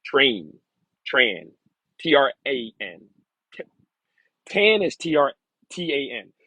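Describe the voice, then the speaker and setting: A man reading aloud slowly, sounding out hard words, then talking candidly and casually about his past. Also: medium pitch, very animated, sharp tone, no echo, poor audio. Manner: slow halting sounding-out of words, then candid rambling asides. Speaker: vlogger learning to read.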